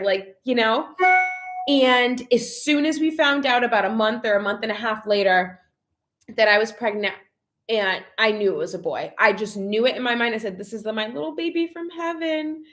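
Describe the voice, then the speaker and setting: On the high side and fairly bright, this young adult woman's voice moves at a normal speed. She's live-chatting on her vlog, emotionally reacting to viewer comments and filling her speech with "like."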